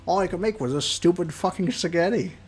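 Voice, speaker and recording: A man's voice: high voice, fairly quick, voice pushed up, close to an everyday voice. A man voicing a shy, flustered young zombie woman who stammers and puts herself down. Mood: glum. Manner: stammering, self-deprecating.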